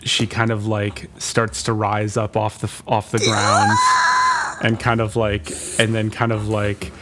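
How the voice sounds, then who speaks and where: A man co-hosting a comedy podcast, retelling a made-up plot in a rambling, deadpan way with constant restarts. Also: lowish voice, a little slow, raised voice, very noisy. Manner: rambling, full of fillers and restarts, deadpan storytelling. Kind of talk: comedic improvised story retelling.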